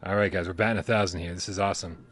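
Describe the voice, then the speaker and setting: A man co-hosting a live gaming stream, podcast-style, races along in a low, slightly bright voice with a steady tone. He rambles, drops casual swears and laughs often, while sirens go by outside.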